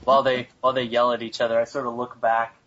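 A man's voice: mid-range voice, little pitch movement, quick pace, fairly bright tone. A man playing a tabletop game over voice chat, easygoing and at times speaking in character. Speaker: player. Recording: dull lo-fi voice chat with faint hiss.

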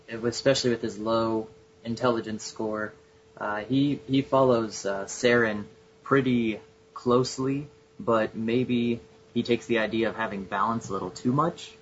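A man's voice: mid-range voice, steady tone, a little slow, lo-fi sound, slight background noise. A man playing a tabletop game, describing his character hesitantly with many fillers. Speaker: player. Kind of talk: casual tabletop game talk.

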